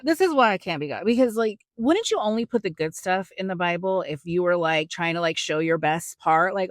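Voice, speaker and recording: A woman podcast host with a fairly low voice talks through a Bible story in a chatty, animated way. She throws in jokey asides to her listeners. The recording is dry and close, with no room sound. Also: normal speed, dry recording. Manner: chatty and animated, acts out quotes with big voice swings. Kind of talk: casual Bible teaching.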